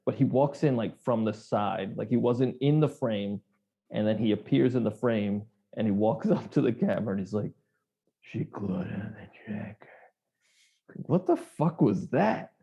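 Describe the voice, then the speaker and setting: Gravelly low-voiced man, rambling podcast chat. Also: dark tone. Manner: loose, rambling, swears, acts out quotes. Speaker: podcast co-host. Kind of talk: casual chat.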